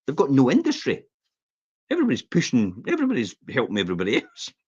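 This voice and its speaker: A Scottish man chatting on a podcast as the host, opinionated and animated, with laughs slipping into his rants. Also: mid-range voice, fast talker, slightly rough, dry recording. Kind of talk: casual podcast chat. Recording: dull lo-fi podcast audio.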